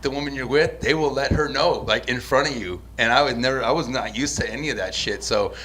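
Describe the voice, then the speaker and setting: A man's voice: medium pitch, a little fast. Profane American man telling a story. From United States. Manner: profane, animated storyteller with many restarts. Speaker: podcast host. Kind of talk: casual storytelling chat.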